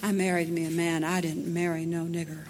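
A woman's voice: fairly low pitch, level tone, fairly quick, slight background noise, close to an everyday voice. A woman voicing a proud, devoted wife who turns fierce and pleading under threat, in an audiobook reading. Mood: tearful joy. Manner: emotional, pleading and shouting by turns.

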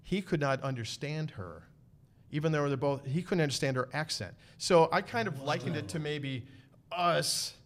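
A man's voice: a little high, moderate pace. Chatty man telling backstage stories. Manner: chatty storyteller, laughs often. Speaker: podcast host. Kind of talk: casual chat.

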